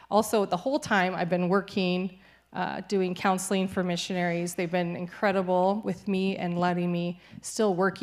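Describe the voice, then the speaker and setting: A young adult woman, a missionary, giving a cheerful church testimony and laughing easily through hard news. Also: on the low side. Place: church sanctuary.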